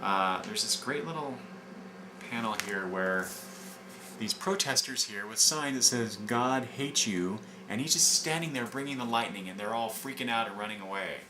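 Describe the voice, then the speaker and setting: Brief: casual, halting comic reviewer, man, lowish voice, echoey room. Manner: halting, with many fillers and restarts while summarizing. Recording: echoey room with background noise.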